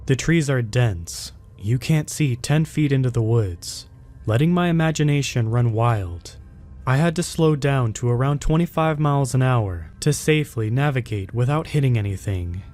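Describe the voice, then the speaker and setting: A man at an ordinary middle pitch tells a first-person horror tale from a script. His delivery is steady and measured, keeping an even storytelling pace. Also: soft background music.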